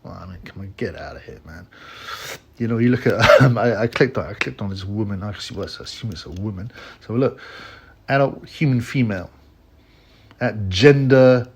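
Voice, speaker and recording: A man's voice: fairly low pitch, a little fast, gravelly, husky. A man ranting casually about a news story in a mocking tone, laughing often and repeating words as he goes. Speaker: boxing commentary vlogger.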